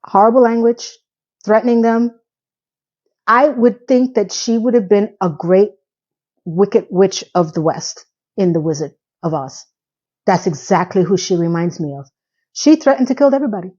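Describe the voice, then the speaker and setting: A woman's voice: medium pitch, moderate pace, a little mellow, lo-fi sound. A woman casually recapping a TV episode in a chatty, sarcastic, incredulous way. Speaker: TV recap vlogger.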